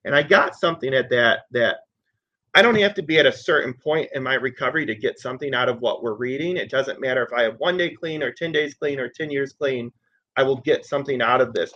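A man's voice: mid-range voice, fairly quick, fairly bright tone, lo-fi sound. A man in his thirties giving an earnest, conversational personal share at a recovery meeting, repeating phrases for emphasis.

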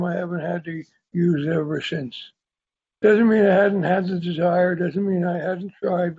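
An older man with a sore tongue shares his personal story at a recovery meeting, speaking carefully in a candid, rambling, self-deprecating way. His voice sits high and is a little mellow and husky, with the highs cut off.

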